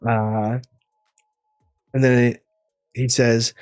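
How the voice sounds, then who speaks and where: A man's voice: medium pitch, slow, darkish tone, faint music behind. A man hosting a live comic reaction, reading dialogue aloud and cursing casually. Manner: casual, swears freely. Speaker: manga reaction host.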